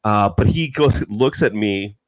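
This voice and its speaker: A man's voice: lowish voice, measured pace, dry recording, poor audio. A man on a podcast telling a long everyday story, with frequent restarts and fillers. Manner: rambling storyteller, many restarts. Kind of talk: casual chat.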